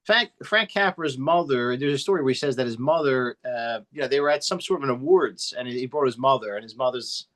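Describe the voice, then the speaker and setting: A man hosting a podcast who asks casual, halting questions with many restarts. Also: mid-range voice, fairly bright tone. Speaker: podcast host.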